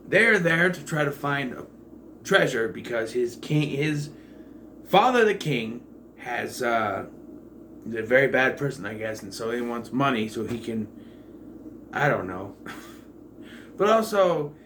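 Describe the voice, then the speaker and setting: A man giving a casual, rambling movie review, full of fillers and the occasional swear, jumping between loud excitement and quiet asides. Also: mid-range voice, a little hiss or hum. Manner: rambling and digressive, with profanity and many fillers.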